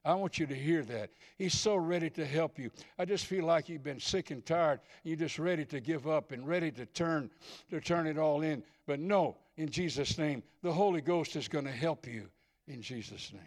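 A man's voice: fairly high pitch, moderate pace. An older man preaching a sermon in church, folksy and earnest, repeating phrases for emphasis as he ministers to people. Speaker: visiting preacher.

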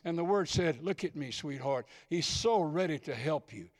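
A man's voice: a little high, animated, normal speed. Older man, preacher, folksy, earnest, repeats key phrases, church sermon. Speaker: visiting preacher. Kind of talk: sermon with prophetic ministry.

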